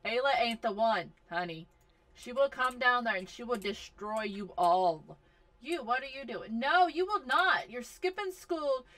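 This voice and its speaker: A woman's voice: fairly high pitch, animated, unhurried, fairly bright tone. A woman giving casual commentary over a life simulation game, talking to and scolding her characters with frequent exasperation. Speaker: gaming video host.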